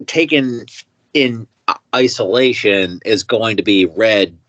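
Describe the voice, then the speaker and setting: A low-voiced American man co-hosting a music podcast, laid-back and wry, and swearing casually. His mic sounds dry and dull, with no room echo and a muffled, lo-fi tone. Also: takes it slowly, a bit bright. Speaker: podcast co-host. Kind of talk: casual music review chat.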